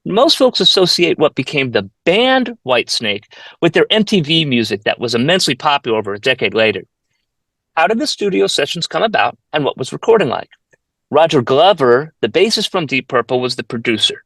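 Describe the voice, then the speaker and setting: A man's voice: a little high, very animated, a little fast, fairly bright tone, no room sound. A man hosting a music talk show who reads long, detailed questions to his guest. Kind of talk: scripted interview questions.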